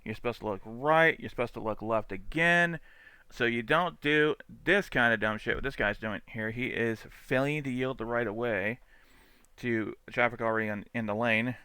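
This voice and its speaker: Bright, crisp-voiced man. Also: medium pitch, normal speed, no echo. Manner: chatty, laughs often, swears freely, mimics angry drivers. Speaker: streamer reacting to dash cam clips. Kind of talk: casual live-stream commentary.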